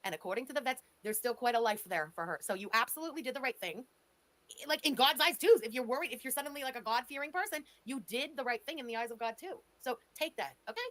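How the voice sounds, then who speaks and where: A woman's voice: a little high, expressive, fast talker, a bit bright. A woman giving blunt, sarcastic reaction commentary, scolding the person on a clip. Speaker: stream commentator.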